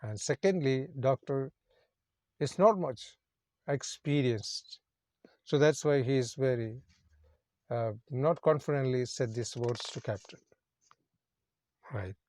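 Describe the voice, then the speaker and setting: A man's voice: medium pitch, slow, long pauses, a little mellow, dry recording, studio quality. A man teaching English, reading a story passage aloud and then explaining its words in simple phrasing, repeating each meaning.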